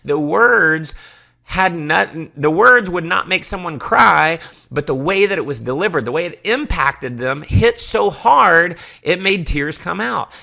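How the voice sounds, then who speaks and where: A man's voice: a little high, lively intonation, a little slow, creaky, pushed and bright. A middle-aged man giving a motivational sales training talk, passionate and emphatic, hammering his points with repeated phrases. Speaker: network marketing trainer.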